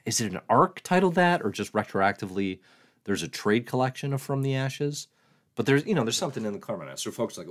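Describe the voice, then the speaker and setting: A man hosts a casual comics livestream, answering viewer questions aloud while joking and poking fun at himself. His voice is medium in pitch with big swings, and he talks at a moderate pace.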